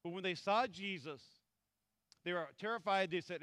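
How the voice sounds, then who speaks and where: High, bright-voiced preaching pastor. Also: male voice, moderate pace, no echo, studio quality. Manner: animated, acts out scripture voices. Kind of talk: sermon.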